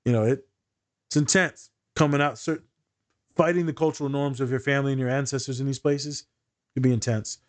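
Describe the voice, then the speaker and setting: Animated man, therapist chatting casually. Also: mid-range voice, fairly quick. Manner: animated, storytelling, sarcastic asides. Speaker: therapist co-host. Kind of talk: casual podcast chat.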